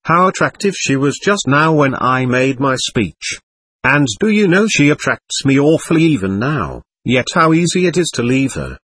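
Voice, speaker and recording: A man's voice: mid-range voice, sing-song, moderate pace, a bit bright, slightly rough. A man reading a bitter, irritable young man. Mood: mocking. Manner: sardonic, snapping, self-mocking. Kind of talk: audiobook character reading.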